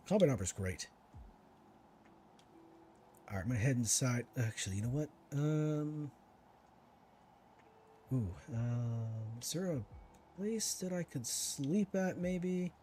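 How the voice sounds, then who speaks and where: A man's voice: medium pitch, mellow, slight background noise. A man giving casual let's-play commentary, chatting to himself and teasing enemies as he plays. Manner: chatty, talks to himself and to enemies while playing. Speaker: gaming streamer.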